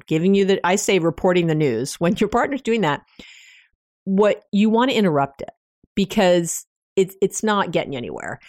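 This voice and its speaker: With a fairly low pitch on a dry, clean studio recording, a woman hosts her own podcast as a couples therapist. Her relationship advice comes across conversationally, full of anecdotes, light laughter and restarts.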